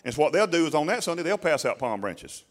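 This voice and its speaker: A man's voice: a little high, big pitch swings, quick pace. A middle-aged man, preaching a sermon in a folksy, colloquial way and asking his listeners questions. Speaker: pastor.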